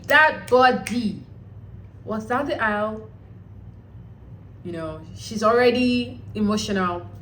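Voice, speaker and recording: A woman hosting a reality show recap, talking casually in an animated, blunt way with some swearing. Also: medium pitch, measured pace, pauses often, slight background noise, poor audio.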